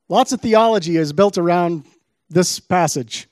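A man's voice: sits high, a little mellow, dry recording, studio quality. Man preaching, dramatic scripture reading. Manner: reads scripture with dramatic emphasis on quoted lines.

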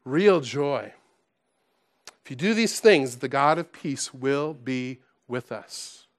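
A man preaching a sermon to his congregation, conversational and animated, dropping to soft asides and rising to loud exclaims, with frequent restarts. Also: mid-range voice, takes it slowly. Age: adult, past college. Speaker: pastor.

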